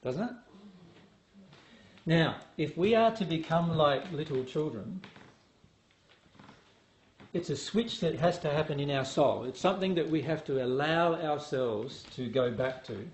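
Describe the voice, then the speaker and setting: A man's voice: fairly high pitch, a little slow, long pauses. A man speaking as a spiritual teacher to an audience, asking them questions and acting out voices to make his points. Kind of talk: talk to an audience. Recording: echoey room with faint noise.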